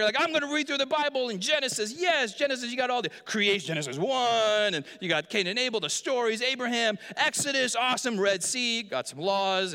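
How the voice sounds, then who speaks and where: A pastor with a high, bright, smooth voice and a forceful tone preaches a sermon in a church hall, joking with the congregation and quizzing them. The large hall adds a long reverb.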